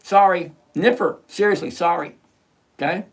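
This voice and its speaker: A man's voice: high voice, normal speed, slightly rough. A man hosting a live stock-picking stream, blunt and sarcastic, explaining stock numbers like a chatty teacher. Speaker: livestream host. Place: at his computer, reviewing charts.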